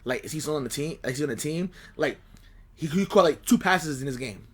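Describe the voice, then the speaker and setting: A man with a fairly high voice, chatting as a football fan on a podcast. He talks animatedly and with exasperation, circling back over the same points again and again. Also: fairly quick, breathy edge. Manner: animated, exasperated, repeats himself. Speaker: sports podcast co-host. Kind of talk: casual fan chat.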